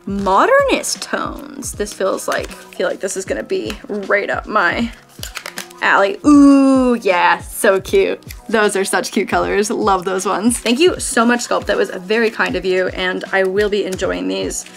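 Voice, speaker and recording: A woman's voice: medium pitch, unhurried, gravelly, fairly bright tone, soft background music. A young woman vlogging in a casual, chatty way, exclaiming often and swearing in passing. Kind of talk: casual vlog chat.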